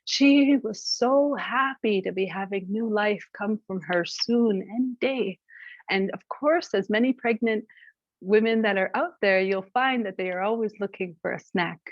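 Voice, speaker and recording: A woman from Canada telling a traditional creation story, lively and expressive. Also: medium pitch, a little slow, dry recording. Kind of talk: oral storytelling to an audience. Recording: dull, dry lo-fi recording.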